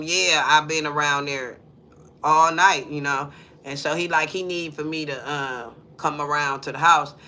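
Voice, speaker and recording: A middle-aged woman, hosting a livestream and telling a story in an animated, cursing way, often asking "you hear me?". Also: deep voice, a little hiss or hum. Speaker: livestream host. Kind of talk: casual storytelling.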